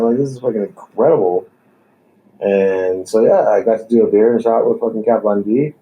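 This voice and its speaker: A man's voice: lowish voice, fairly even intonation, normal speed, highs cut off, a little hiss or hum. A man, a tattoo artist, telling stories in a laid-back way, swearing freely and laughing often. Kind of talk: casual storytelling. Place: tattoo shop.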